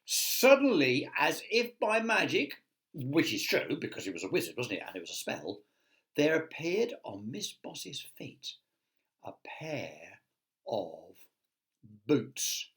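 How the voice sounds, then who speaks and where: A man's voice: mid-range voice, huge pitch swings, slow pace, fairly bright tone. A man, a teacher, reading a picture book aloud to children with chatty asides to his listeners.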